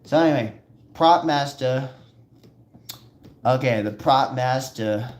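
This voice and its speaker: Rambling, excitable male video host. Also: medium pitch, takes it slowly, pauses often. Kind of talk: casual rambling commentary.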